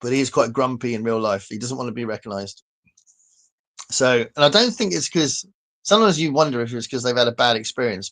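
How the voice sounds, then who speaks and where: A livestream host with a southern English accent chats casually, rambling loosely and reading out viewer comments. His voice is fairly low and a bit bright.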